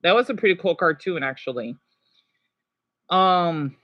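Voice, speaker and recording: A man chatting casually on a livestream, answering viewers, rambling and excitable with lots of restarts and exclamations. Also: high-pitched, measured pace, pauses often. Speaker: YouTuber.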